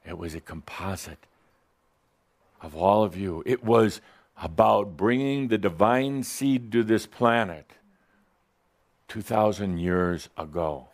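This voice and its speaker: A man's voice: lowish voice, animated, slow, pauses often. A man giving a playful, provocative spiritual teaching talk to a live audience in a workshop room, laughing often.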